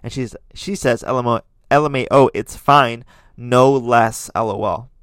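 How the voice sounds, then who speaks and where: A man's voice: mid-range voice, unhurried, fairly bright tone, no echo. A man hosting a casual podcast, commenting on tweets in a chatty, opinionated way with many fillers and restarts. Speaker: podcast host.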